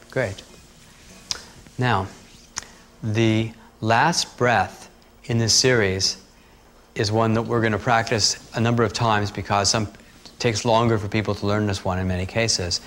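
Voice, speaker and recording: A man teaching breathing techniques, talking calmly and steadily through guided instructions. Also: fairly low pitch, moderate pace, long pauses. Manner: calm, steady instructional talk with asides.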